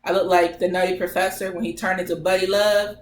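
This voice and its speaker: A young woman in her twenties vlogging in a lively, chatty way and slipping into other people's voices as she retells events. Her voice sits a little low. The recording has a roomy echo and a faint hum of background noise. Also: brisk. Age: 20s. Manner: chatty, animated retelling that acts out others' lines. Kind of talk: casual personal storytelling.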